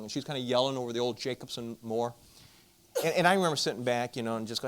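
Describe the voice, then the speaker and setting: A middle-aged man telling a personal story to an audience, animated and acting out the voices of the people in it. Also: medium pitch, fast. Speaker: marriage conference speaker.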